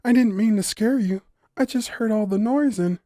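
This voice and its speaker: A man's voice: high voice, moderate pace, mellow, no room sound, studio quality, pitched above the performer's own voice, lightly acted. A man voicing a curious, bubbly young female forest fawn spirit in an audiobook story, eager and wide-eyed.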